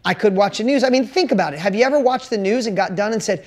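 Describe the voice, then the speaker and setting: A woman's voice: mid-range voice, fast talker, few pauses, a little mellow. A woman coaching a room of course members through a motivational talk. Her delivery is punchy and emphatic, and she keeps firing rhetorical questions straight at her listeners. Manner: speaks directly to listeners. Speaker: business coach.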